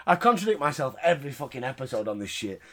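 A man hosting a casual podcast, recapping wrestling in an animated, sweary way with frequent laughter. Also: medium pitch, quick pace. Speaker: podcast host.

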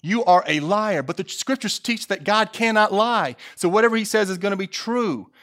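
A man preaching a sermon, stressing key phrases slowly and putting questions to the congregation, with jokey asides. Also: high-pitched, animated, fairly bright tone. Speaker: pastor.

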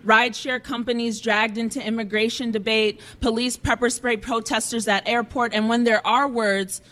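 A woman's voice: fairly high pitch, fairly even intonation, moderate pace, fairly bright tone. Woman reciting spoken word poetry.

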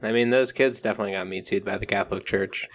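A man's voice: lowish voice, fairly even intonation, quick pace. A man co-hosting a comedy podcast, riffing loosely with lots of filler words. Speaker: podcast co-host. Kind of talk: casual comedic brainstorming chat.

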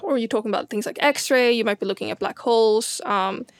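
A woman's voice: fairly high pitch, brisk, no room sound. A woman astronomer in a casual science chat, talking in a chatty way with many fillers and restarts and frequent laughs. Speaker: astronomer guest.

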